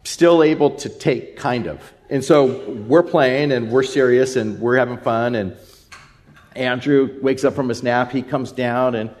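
A man's voice: medium pitch, a little slow, a little mellow. A man in his thirties, a pastor telling a rambling family story in a sermon with many fillers.

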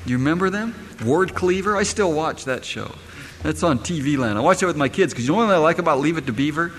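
A man's voice: fairly high pitch, lively intonation, fast talker, fairly bright tone, a little hiss or hum. A middle-aged man, a pastor, preaching a sermon and firing rhetorical questions at his congregation. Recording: echoey hall, faint ambience.

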